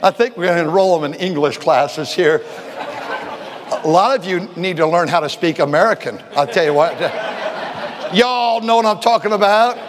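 An older man preaching a folksy sermon, repeating words and swinging from shouts to quiet talk. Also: high voice, normal speed, a crowd in the background, noisy background. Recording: long hall reverb.

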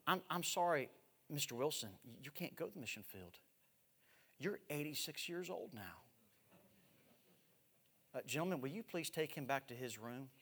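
A man in his forties preaching a missionary sermon, swinging from loud exhortation to hushed, drawn-out words. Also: on the high side, animated, breathy edge. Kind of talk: evangelistic sermon with live demonstration. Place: large church sanctuary. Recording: echoey church hall.

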